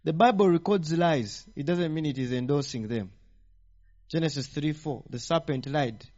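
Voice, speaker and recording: A man preaching a teaching sermon, animated and firing rhetorical questions at the congregation. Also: on the high side, normal speed. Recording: dull lo-fi sound.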